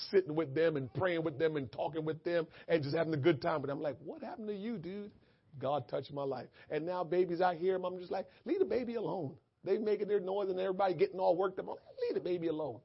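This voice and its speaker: A man's voice: a little high, fast talker, hardly any pauses, muffled recording. A man preaching a sermon in church, talking casually and then praying with rising fervor. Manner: conversational preaching building to fervent shouted prayer. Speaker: pastor. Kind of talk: sermon and prayer.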